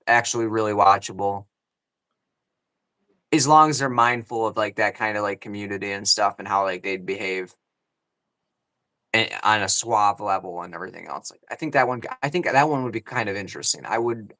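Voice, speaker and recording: A man's voice: fairly low pitch, a bit bright. A man co-hosting a casual podcast chat, rambling and repeating himself with lots of fillers. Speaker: podcast co-host.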